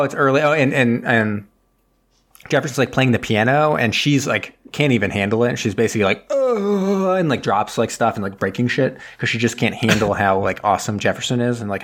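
A man's voice: fairly low pitch, brisk, a bit bright. A man in casual chat, rambling through a movie plot and acting out the characters' lines. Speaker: podcast co-host.

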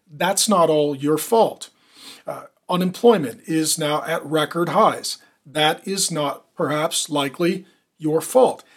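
A middle-aged man preaching a sermon as a pastor, with an emphatic, repetitive cadence. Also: a little high.

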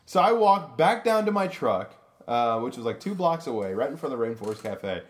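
A man's voice: mid-range voice, a little fast, hardly any pauses. A man, a comedian co-hosting a podcast, telling a story in a loose, profane way and acting out the voices in it. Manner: animated, profane, acts out quotes in his story. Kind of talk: casual storytelling chat.

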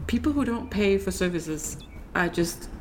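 A woman's voice: mid-range voice, lively intonation, moderate pace, a little hiss or hum. A woman entrepreneur chatting candidly as a guest in an interview, often laughing as she talks. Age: adult, married. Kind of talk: casual interview chat.

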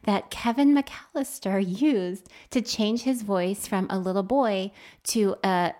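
A woman telling a childhood story in casual podcast chat, lively and quick to act out the people she quotes. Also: mid-range voice. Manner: animated, acts out quoted voices.

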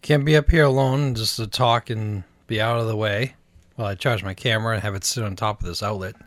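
A man's voice: on the low side, steady tone, brisk, dry recording. A man co-hosting a podcast, chiming in casually with dry, joking asides. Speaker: podcast co-host. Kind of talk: casual chat.

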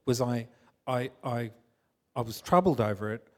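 A man telling a personal testimony, halting and rambling with many restarts. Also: mid-range voice, animated, a little mellow. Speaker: congregation member.

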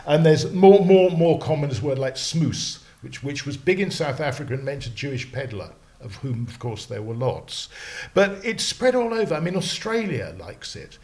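A man who is a slang lexicographer, talking in a casual podcast discussion, animated and digressive, with frequent restarts. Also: on the high side, moderate pace.

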